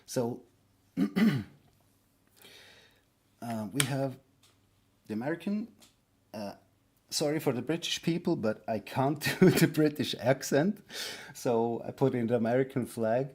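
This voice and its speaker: Husky Swiss German-accented man teaching. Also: mid-range voice, unhurried, long pauses, a little mellow. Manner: hesitant, many fillers and restarts. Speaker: language teacher. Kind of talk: casual online lesson.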